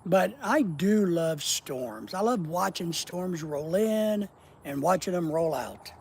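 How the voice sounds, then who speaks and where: A man with a fairly high, gravelly voice chats on a casual outdoor live stream at night. He reads viewer comments aloud and answers them with blunt, profane teasing. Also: expressive, slow pace, a little hiss or hum, low-quality recording.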